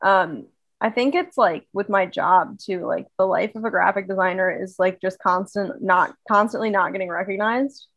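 A woman co-hosts a podcast in relaxed, friendly chat. She is chatty and upbeat, leaning on filler words. The sound is dry and close to the mic. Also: mid-range voice, moderate pace, dry recording. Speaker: podcast co-host. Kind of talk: casual chat.

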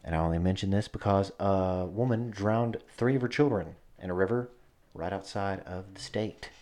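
A man's voice: sits low, normal speed, a little mellow. A man co-hosting a podcast, chatting casually in a rambling, joking, profane way. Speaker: podcast co-host.

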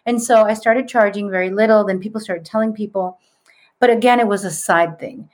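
A woman in her late forties, a psychic medium, telling her story in a casual, animated way and mixing in Spanish words. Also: medium pitch, brisk. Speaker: podcast guest, psychic medium.

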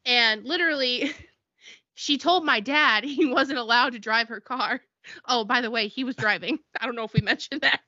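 A woman's voice: fairly high pitch, normal speed, no echo, dull audio. A woman co-hosting a podcast, telling stories in a casual chat and acting out the people in them. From Connecticut. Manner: animated storytelling, acts out quoted people. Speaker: podcast co-host.

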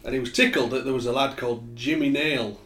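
A man's voice: medium pitch, steady tone, fast talker, a bit bright. Man telling stories in an echoey room. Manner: storytelling, swears, laughs often. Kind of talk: casual chat.

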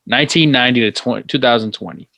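A man's voice: medium pitch, very fast, vocal fry, bright, forceful tone, no room sound. A man co-hosting a casual wrestling podcast, recapping matches play-by-play. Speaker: podcast co-host. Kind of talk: casual chat.

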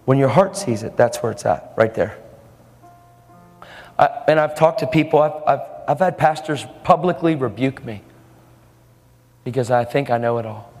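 A man's voice: mid-range voice, a little mellow. Male preacher, earnest storyteller who acts out the people in his stories, heard in a reverberant hall over faint music. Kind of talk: sermon.

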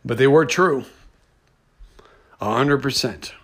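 Male podcast host, high and gravelly, rambling and upset, unscripted monologue. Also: lively intonation, measured pace, fairly bright tone.

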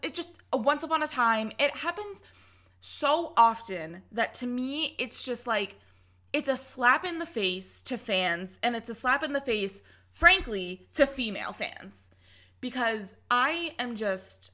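A woman's voice: on the high side, lively intonation, slow, sharp tone. A young woman co-hosting a casual podcast, ranting heatedly and swearing often. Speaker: podcast co-host.

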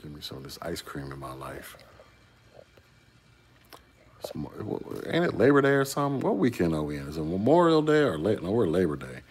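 Deep-voiced male YouTube host, casual chat, rhetorical and conversational. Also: very animated, a little fast, long pauses, darkish tone, slight background noise. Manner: conversational, rhetorical questions to a commenter. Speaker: YouTube commentator.

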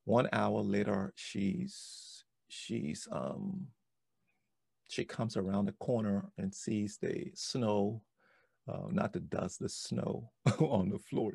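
A man in his forties, a podcast host, telling a personal story in an animated way, often repeating and restarting words. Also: fairly low pitch, slow, vocal fry, husky, dry recording.

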